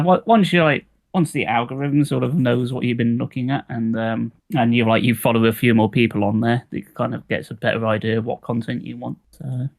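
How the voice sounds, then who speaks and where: A man's voice: mid-range voice, creaky, dry recording. A man co-hosting a podcast, rambling casually with lots of fillers and some swearing. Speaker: podcast co-host. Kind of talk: casual chat.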